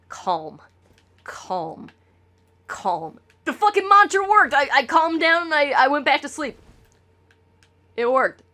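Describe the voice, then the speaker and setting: A woman's voice: a little high, bright, forceful tone. A woman streamer talking casually to her chat, rambling and swearing with lots of stammered restarts.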